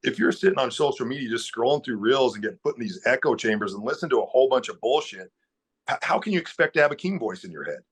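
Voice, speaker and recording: A man's voice: medium pitch, expressive, fast talker, husky. A man speaking as a podcast guest in casual conversation, earnest and blunt, with casual swearing.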